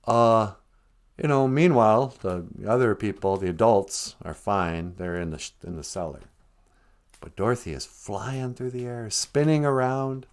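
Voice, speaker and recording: A man retelling a story on a live stream in an animated, casual way, humming and singing snatches as he goes. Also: fairly low pitch, measured pace.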